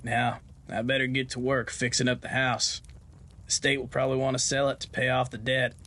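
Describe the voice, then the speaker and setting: A man's voice: medium pitch, little pitch movement, fairly quick, sharp tone. A man voicing a sly, cheerful, rugged male rancher in a spoken audio drama, with an easygoing, folksy way of talking.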